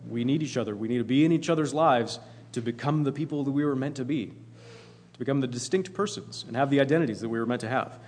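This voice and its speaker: A man's voice: medium pitch, quick pace, a little mellow. Earnest preacher man in a reverberant hall. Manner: earnest, emphatic, with repeats and fillers. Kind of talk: sermon.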